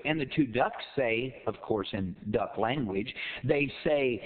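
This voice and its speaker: A man preaching a sermon, telling a fable in a folksy, animated way that rises to emphatic peaks. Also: medium pitch, slow, hardly any pauses. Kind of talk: sermon with storytelling. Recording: tinny phone-like sound.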